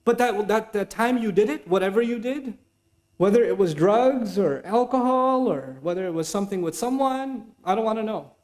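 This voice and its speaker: A man giving an animated religious lecture, slipping Quranic Arabic recitation into his English talk. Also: sits high, moderate pace. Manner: animated, acts out inner voices and temptations. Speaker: Islamic preacher.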